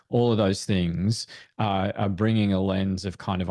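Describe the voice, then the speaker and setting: A man's voice: sits low, steady tone, moderate pace, few pauses, a little mellow, dry recording, studio quality. A man speaking as a parenting expert guest in a webinar discussion, explaining in an earnest way. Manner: earnest, explanatory, acts out quoted thoughts.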